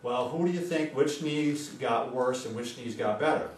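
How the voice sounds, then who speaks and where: A man's voice: mid-range voice, moderate pace, a little hiss or hum. A man, a physical therapist, explaining knee rehab in a casual, conversational way with filler words. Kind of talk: casual instructional talk. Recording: roomy sound, mic at a distance.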